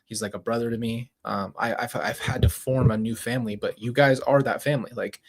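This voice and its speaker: A man's voice: mid-range voice, brisk, few pauses, husky. A man hosting a livestream, speaking to his viewers in casual, heartfelt chat and often repeating himself. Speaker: livestream host.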